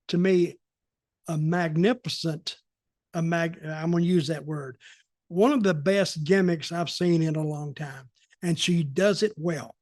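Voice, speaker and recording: High-pitched american guy telling stories, dry close sound, kinda rambly. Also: dry recording. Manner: folksy, rambling, repeats words. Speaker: podcast co-host. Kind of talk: casual storytelling chat.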